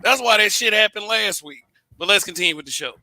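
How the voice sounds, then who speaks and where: A man's voice: high voice, lively intonation, fast talker, bright, forceful tone, no echo, poor audio. A man hosting a casual political call-in show, blunt and profane, laughing often and stammering over repeated words. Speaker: show host.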